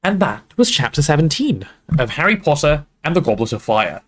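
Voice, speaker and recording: A man reading a novel aloud on a livestream in an expressive, storytelling way, with casual asides to his audience. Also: a little high, normal speed.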